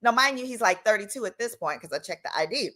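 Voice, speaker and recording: A woman attorney hosting her channel, telling a comedic story in a playful, animated way and acting out the people in it. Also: mid-range voice, fast. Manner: animated, playful, acts out quoted voices.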